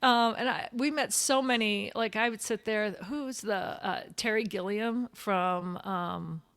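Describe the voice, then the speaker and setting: A woman's voice: medium pitch, measured pace, fairly bright tone, smooth. A woman, co-hosting a podcast and telling a story in casual chat, acting out the voices of the people in it. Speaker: podcast co-host.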